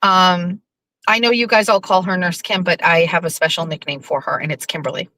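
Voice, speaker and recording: A woman's voice: lowish voice, steady tone, a little fast, pushed and bright, no echo, rough recording. A woman hosting a livestream in casual, rambling chat, full of fillers and playful swearing. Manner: rambling and chatty, lots of fillers. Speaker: livestream host.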